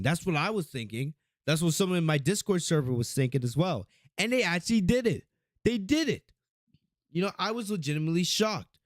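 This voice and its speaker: A man hosting a casual review podcast, talking in an excitable, profane, rambling way with frequent restarts. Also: sits high, normal speed, no room sound, clean studio sound. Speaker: podcast host.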